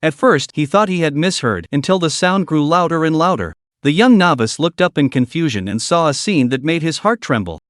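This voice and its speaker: Lively male recap narrator. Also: fairly high pitch, a little fast, hardly any pauses, no echo, clean studio sound. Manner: dramatic storytelling. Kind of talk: scripted narration.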